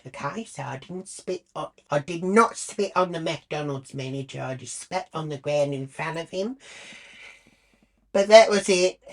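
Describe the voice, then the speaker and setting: A woman telling a crude, blunt comic story full of swearing. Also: low-pitched. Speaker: comedy character storyteller. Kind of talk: comic monologue.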